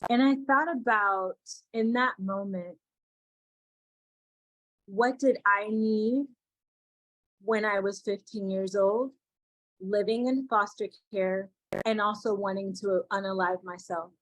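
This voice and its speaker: A woman recounts a personal story in a frank, thoughtful way, slipping into the voices of the people she quotes. Her voice sits at a middling pitch and sounds dry and close, with no room around it. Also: fairly even intonation, takes it slowly, pauses often, fairly bright tone, dry recording, low-quality recording. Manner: candid, reflective, acts out quoted dialogue. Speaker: youth mentor.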